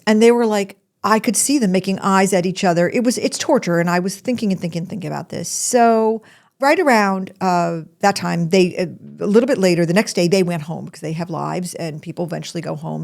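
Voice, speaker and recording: A woman's voice: on the low side, vocal fry. A woman hosting a podcast, telling a personal story in a chatty, rambling way with asides and restarts. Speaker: podcast host.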